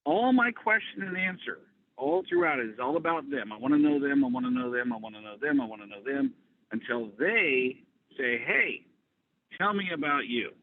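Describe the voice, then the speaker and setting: A man coaching on a group call, talking in an animated, conversational way. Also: mid-range voice, normal speed, no echo. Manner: animated, conversational, acts out dialogue. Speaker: business coach. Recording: tinny phone-like line, faint hiss.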